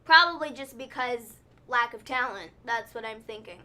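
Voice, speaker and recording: A woman's voice: on the high side, lively intonation, normal speed, bright, forceful tone. A woman co-hosting a casual wrestling recap show, rambling with lots of fillers. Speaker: podcast co-host.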